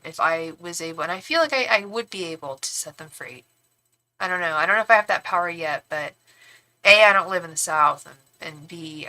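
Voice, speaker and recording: Her voice is deep and sharp-toned as this young tarot reader and psychic medium works through a live reading. She talks in a meandering, blunt way, dropping casual curses and often starting over.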